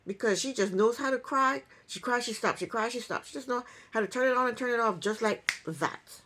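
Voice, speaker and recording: A woman's voice: on the high side, fairly quick, pushed and bright. A woman giving a casual reality TV recap in an opinionated, sarcastic way, with chuckling asides.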